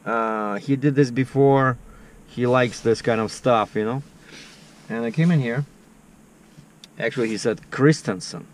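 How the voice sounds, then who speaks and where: A man talks casually to his camera outdoors, rambling through a story with plenty of fillers. His voice sits at an ordinary middle pitch. A faint hiss of open air runs underneath. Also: unhurried, long pauses. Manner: chatty, filler-heavy, acts out the other people's lines in dialogue. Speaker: vlogger.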